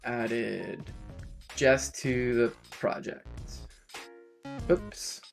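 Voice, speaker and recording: A man's voice: mid-range voice, extremely slow, vocal fry, soft background music. A Canadian man streaming a live coding session, thinking aloud and correcting himself as he types commands. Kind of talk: casual live-coding narration.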